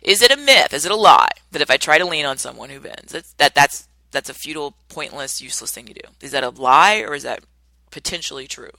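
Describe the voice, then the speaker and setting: A woman hosting a solo podcast as a coach, talking in an animated way and acting out the people she quotes with big exclamations. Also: low-pitched, quick pace, vocal fry, no echo, rough recording.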